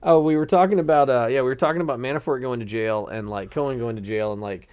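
Male podcast co-host, mid-pitched, casual and rambling, quick to laugh. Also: clean tone, lo-fi sound. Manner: rambling, laughs often, loud bursts of excitement. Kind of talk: casual chat.

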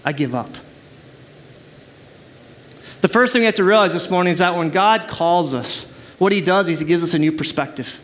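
Male preacher with a strikingly high voice, emphatic sermon delivery with call-and-response. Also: fast, fairly bright tone. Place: church service.

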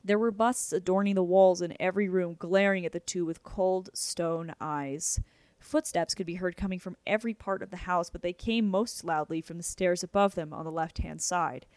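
A woman narrating a novel aloud in a steady, even storytelling manner. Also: fairly low pitch, moderate pace, no echo. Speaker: audiobook narrator.

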